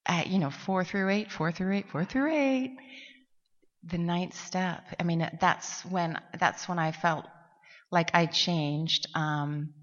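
Low, candid middle-aged woman speaker with blunt asides; dull recording, echoing hall. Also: flat delivery, slow. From Seattle, USA. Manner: candid and rambling, many fillers and restarts. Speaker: recovery meeting speaker. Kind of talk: personal story told to a convention audience. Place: large convention hall. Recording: dull sound, long hall reverb.

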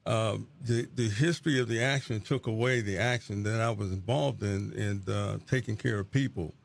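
A man's voice: on the low side, normal speed, creaky. A middle-aged man, a pastor, giving an earnest, reflective testimony as an interview guest and often repeating words as he searches for them.

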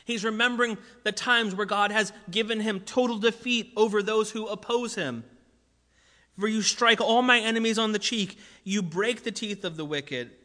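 High, bright-voiced man preaching. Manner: conversational preaching, quick asides and repeated phrases. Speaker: pastor. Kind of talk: sermon. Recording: long hall reverb.

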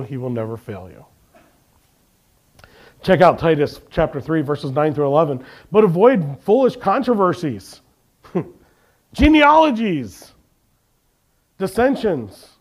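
A man preaching a sermon, reading scripture aloud and putting questions to the congregation, swinging from emphatic lines to quiet ones. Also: fairly high pitch. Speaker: pastor.

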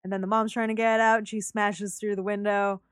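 A woman co-hosting a casual chat about a film, animated and laughing, acting out lines in quotes. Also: medium pitch, brisk, clear, resonant tone, dry recording, studio quality. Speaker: podcast co-host.

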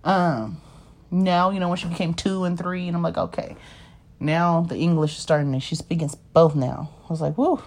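A woman's voice: fairly low pitch, steady tone, moderate pace, darkish tone. A woman, telling her life story in a rambling, casual way and often asking "you know what I mean?". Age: 30s. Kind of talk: casual personal monologue.

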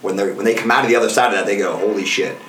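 Man, lowish voice, laid-back host, set back from the mic, roomy echo. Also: very fast, fairly bright tone, distant mic, slight background noise. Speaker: podcast host. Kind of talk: casual podcast chat.

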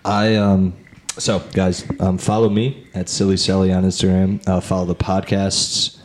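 A man's voice: deep voice, normal speed. A man hosting a podcast, telling stories in casual chat with comedian friends and swearing freely. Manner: animated storyteller, swears freely. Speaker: podcast host.

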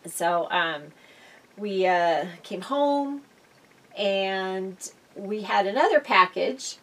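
A middle-aged woman chatting casually as a podcast co-host and spinning little stories with frequent laughs. Her voice sits at an ordinary pitch for a woman. She sounds a little distant from the mic. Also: expressive, drawn-out words, fairly bright tone. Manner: chatty storyteller, laughs often. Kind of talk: casual chat.

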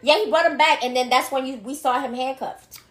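A woman's voice: sits high, a little fast, a bit bright, reverberant, a little hiss or hum. A woman co-hosting a casual movie recap podcast, retelling scenes and acting out lines between laughs. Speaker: podcast co-host.

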